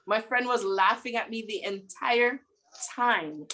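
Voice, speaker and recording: A woman guest in a casual interview, retelling a story in an animated, dramatic way and laughing often. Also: a little high, unhurried, a little hiss or hum.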